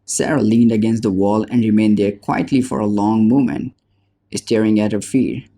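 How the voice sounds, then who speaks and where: A man narrating a business book as an audiobook in a measured, steady reading. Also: fairly low pitch.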